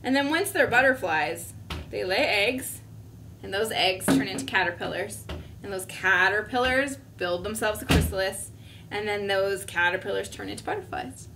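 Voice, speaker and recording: A woman preschool teacher reading a story and teaching young children, gentle and asking them questions. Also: medium pitch, normal speed. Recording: distant mic, faint room noise.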